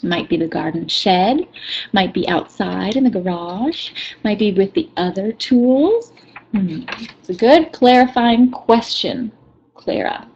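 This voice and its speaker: A woman presenting a reading lesson for kindergartners, talking quickly with many fillers and restarts. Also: mid-range voice, expressive, darkish tone, dull audio, slight background noise. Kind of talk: lesson demonstration and read-aloud.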